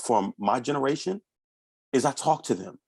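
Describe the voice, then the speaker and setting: A man in his thirties, a podcast guest, talking through parenting stories in a lively, conversational way and now and then acting out his children's voices. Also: medium pitch, moderate pace, creaky, slightly rough, no echo. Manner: animated storytelling, acts out his kids' voices.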